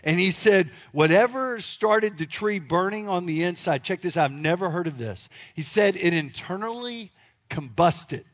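A man with a high voice tells a story to a crowd, animated and poking fun at himself. He speaks to his listeners directly. The recording sounds dull and lo-fi. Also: moderate pace. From Memphis area, United States. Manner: animated, self-deprecating, addresses the audience directly. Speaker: speaker telling a story to an audience. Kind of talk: comic storytelling talk.

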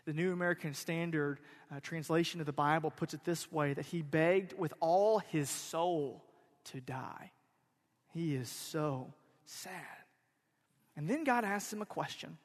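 A man preaching a sermon as pastor, animated, swinging from loud emphasis to quiet intensity. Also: a little high, measured pace. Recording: long hall reverb.

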